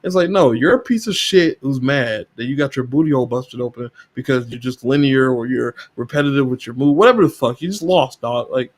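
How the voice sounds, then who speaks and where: A man's voice: fairly quick, few pauses. A man guesting on a gaming podcast in casual chat, ranting heatedly and swearing often. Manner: heated, profane rant with rising pitch.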